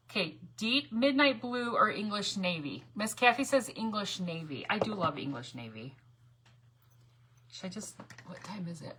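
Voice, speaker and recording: A woman's voice: on the low side, noisy background. Chatty woman hosting a craft livestream. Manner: chatty, talks to viewers while painting, reads comments aloud.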